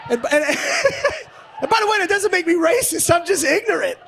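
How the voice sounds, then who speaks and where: High-voiced, ranting male stand-up comic. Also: big pitch swings, moderate pace. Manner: profane, ranting, brash. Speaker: stand-up comedian. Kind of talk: stand-up comedy set. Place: comedy stage with live audience. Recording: live audience noise.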